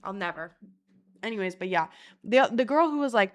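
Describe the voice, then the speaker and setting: A young woman vlogging casually to her phone camera at home, telling stories in a profane, animated way. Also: fairly high pitch, fairly quick. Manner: profane, animated storytelling with acted-out quotes. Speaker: content creator. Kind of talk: casual vlog chat.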